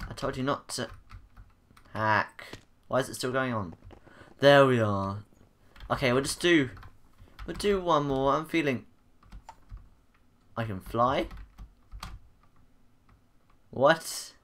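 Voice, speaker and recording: A man's voice: medium pitch, takes it slowly, pauses often, fairly bright tone. A man giving gameplay commentary, frustrated and self-mocking as he plays. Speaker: gamer.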